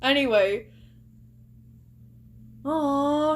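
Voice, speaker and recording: There's a little hiss or hum behind a young female streamer whose voice is on the high side and unhurried. Reacting casually, she chats, exclaims and gushes, throwing in many "likes" and plenty of rhetorical questions.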